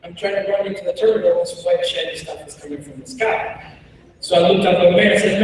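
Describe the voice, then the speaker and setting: Lively young man in an echoey hall. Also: high voice, fast, crowd noise. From Congo. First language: Kiswahili. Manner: animated and humorous, with frequent laughs. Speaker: keynote speaker. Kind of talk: storytelling keynote talk. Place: large hall. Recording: echoey hall, far from the mic.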